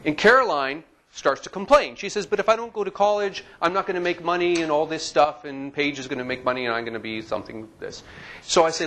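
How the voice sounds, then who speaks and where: Speaking fast in a voice on the high side, a man in his forties delivers an animated classroom lecture in a lecture hall. He keeps questioning his listeners as he goes.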